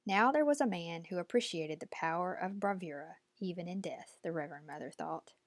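A woman narrating an audiobook at a measured, steady pace. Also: fairly low pitch, no room sound, studio quality.

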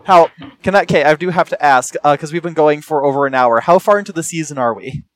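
A podcast co-host chatting casually, quick and wry, sometimes stammering when starting a thought. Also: medium pitch, rough recording. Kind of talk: casual chat.

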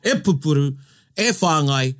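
A man from New Zealand with a New Zealand accent, co-hosting a casual bilingual chat in a playful, animated way. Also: a little high, normal speed. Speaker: co-host.

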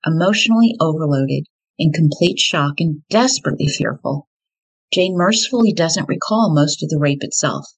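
Female podcast host, deep and slightly husky, steady true crime storyteller. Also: normal speed, poor audio.

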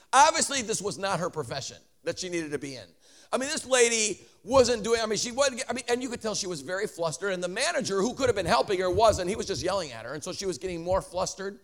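A man, a traveling preacher, telling a story in an animated sermon with joking asides and many restarts. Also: high-pitched.

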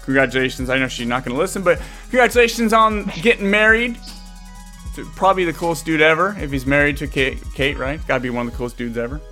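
A man's voice: a little high, fast, pushed and bright, faint music behind. A young man hosting a casual podcast, rambling and joking with many restarts. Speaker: podcast host.

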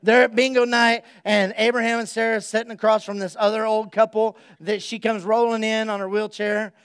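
A male pastor giving an energetic, conversational sermon and speaking straight to his congregation. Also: sits high, fairly quick, clear, resonant tone.

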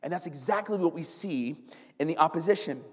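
A man's voice: a little high, expressive, a little fast, husky. A man preaching a sermon as pastor, conversational and humorous, often checking in with his listeners. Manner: humorous, conversational, keeps asking "right?". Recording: long reverb in a big hall.

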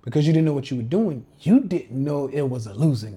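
A man's voice: fairly high pitch, sing-song, fast talker, few pauses, warm tone, slightly rough. A man hosting a casual livestream rant as a trading coach, slangy and emphatic, often repeating himself. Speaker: podcast host and trading coach.

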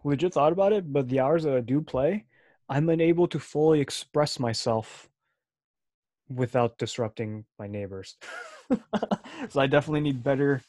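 Young male podcast co-host, easygoing banter, dry close mic, mid-pitched. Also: normal speed, pauses often, darkish tone, no echo. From Chinese descent, speaks Mandarin. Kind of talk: casual chat.

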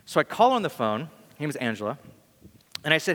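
A man's voice: fairly high pitch, big pitch swings, fast, fairly bright tone. A man preaching as a pastor, telling stories in a casual way and acting out the voices of the people he quotes. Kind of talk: sermon storytelling. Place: church hall. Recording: long hall reverb.

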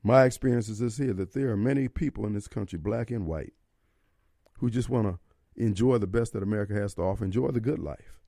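A man's voice: on the low side, a little fast, vocal fry, warm tone, dry recording, clean studio sound. A man hosting a radio talk show, preaching his opinions and firing off rhetorical questions. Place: radio studio. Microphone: studio microphone.

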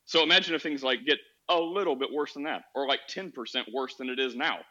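A man's voice: medium pitch, quick pace, sharp tone, lo-fi sound. A man hosting a casual call-in podcast, talking animatedly and acting out quoted voices. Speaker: podcast host.

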